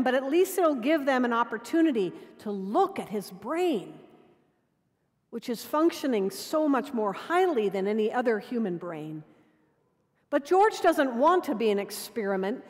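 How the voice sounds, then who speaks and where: A woman dean preaching a sermon in measured storytelling, sometimes dropping to quiet intimacy. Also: a little high. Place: cathedral. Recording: long cathedral reverb.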